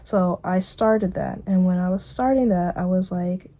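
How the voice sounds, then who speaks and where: A woman's voice: fairly low pitch, measured pace, warm tone. A young woman vlogging casually, rambling through a catch-up and quoting herself with put-on voices.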